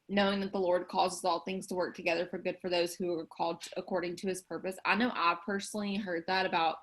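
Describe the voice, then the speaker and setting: A woman's voice: mid-range voice, a bit bright. A young woman leading a prayer call, talking in an earnest, chatty way with lots of fillers, sometimes reading a devotional aloud. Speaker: team leader hosting a prayer call. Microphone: video call.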